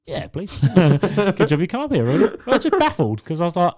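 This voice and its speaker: Young male co-host, sarcastic and profane, animated delivery. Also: high voice, brisk. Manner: sarcastic, swearing storyteller. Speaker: podcast co-host. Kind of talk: casual chat.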